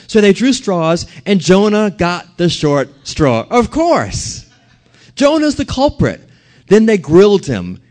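A man preaching a sermon in a church, animated, quizzing and joking with the congregation. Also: high-pitched, measured pace. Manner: animated, questions and jokes with the congregation. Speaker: pastor.

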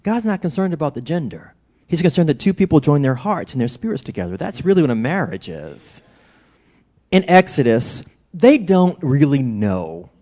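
A man's voice: a little high, moderate pace. A middle-aged man, a pastor, preaching a sermon and telling stories with acted-out quotes. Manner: animated storytelling with acted-out quotes.

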